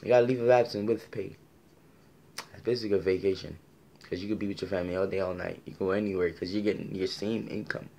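A man's voice: low voice, steady tone, fast, creaky, dark tone. A man delivering a passionate, argumentative opinion monologue full of rhetorical questions. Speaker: commentator giving his opinion.

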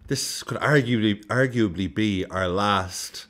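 Speaking slowly in a voice on the low side, a football vlogger gives casual, animated commentary. He swears liberally and dramatizes his reactions.

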